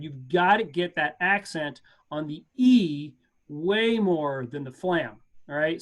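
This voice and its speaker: A man's voice: a little high, fairly bright tone. Guy giving a drum lesson on a video call, chill and encouraging, fixes himself mid sentence. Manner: casual, encouraging, self-correcting. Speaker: percussion teacher. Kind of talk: online music lesson. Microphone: video call mic.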